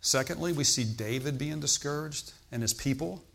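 A man's voice: a little high, normal speed, vocal fry, a bit bright. A man preaching a sermon in a conversational way. He asks the congregation questions and adds emphatic exclamations.

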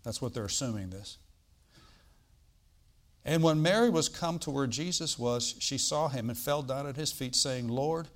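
A man preaching a sermon, reading scripture aloud and explaining it, swinging from loud bursts to quiet asides. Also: medium pitch, moderate pace. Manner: animated preaching, bursts loud on quoted lines then drops quiet; reads old-style scripture, asides with "all right?".

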